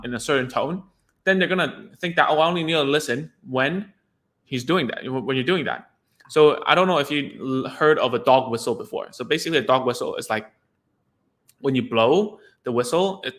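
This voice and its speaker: A man's voice: medium pitch, a bit bright. A man, a speech therapist, explaining in a chatty, informal way, often restarting and repeating words. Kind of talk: casual teaching talk to camera.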